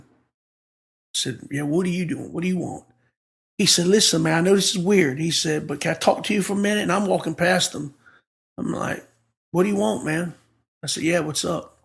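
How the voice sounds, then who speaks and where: A middle-aged pastor with a high voice and a gravelly edge tells his testimony in a relaxed podcast conversation. He acts out every quoted line with emphatic, lively delivery. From Florida, USA. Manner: vivid storyteller acting out quoted dialogue, emphatic.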